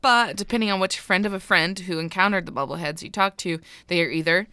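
A young woman chats on a podcast with a low, gravelly voice that still has a bright, sharp edge. She giggles and rambles off track while reading out an urban legend, and the sound is dry and close. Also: quick pace, no room sound. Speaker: podcast co-host.

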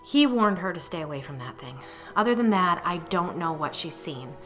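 A woman's voice: on the low side, expressive, fairly bright tone, faint music behind. A woman voicing a worried young mother. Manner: worried, quick to snap. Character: anxious protective young mother, the narrator.

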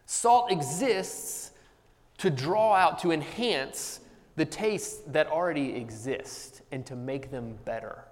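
Male pastor, slightly high voice, earnest sermon delivery, long hall reverb. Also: slow pace. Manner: earnest, emphatic, with sudden bursts of animated humor.

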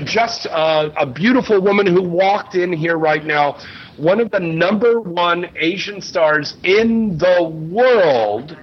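A man hosting a live fan signing event in a store, joking and hyping up his guests. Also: fairly high pitch. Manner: joking, hyped emcee. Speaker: event host. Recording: muffled, noisy live recording.

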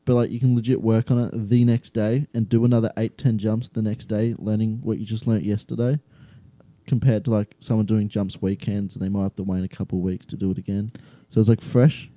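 A young man with an Australian accent, chatting casually as an interview guest, relaxed and full of fillers. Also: on the low side, a little fast, no echo, lo-fi sound. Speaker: guest, skydiving student.

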